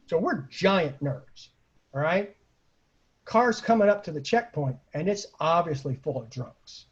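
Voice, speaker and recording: Husky middle-aged guy spinning a funny story over a muffled video call, voice all over the place. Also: on the high side, unhurried. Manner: lively, profane anecdote telling with acted quotes. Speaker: storyteller host. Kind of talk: casual storytelling.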